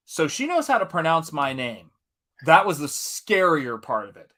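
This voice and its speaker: A man from Tennessee chats through a story on his live art stream. His voice sits a little high and comes across bright and forceful. He laughs often and swears freely as he talks. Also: huge pitch swings, normal speed. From Tennessee, USA. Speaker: artist hosting a live stream. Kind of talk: casual storytelling chat.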